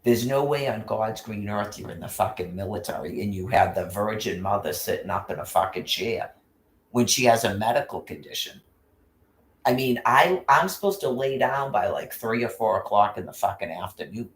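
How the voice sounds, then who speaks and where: A man's voice: fairly low pitch, animated, normal speed, a bit bright. A man ranting angrily and rambling, full of profanity and restarts. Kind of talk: casual rant. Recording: roomy echo.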